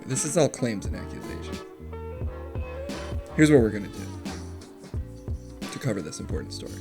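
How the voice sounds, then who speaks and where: A man hosting a livestream, giving quick, sardonic comedic commentary. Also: mid-range voice. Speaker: streamer host.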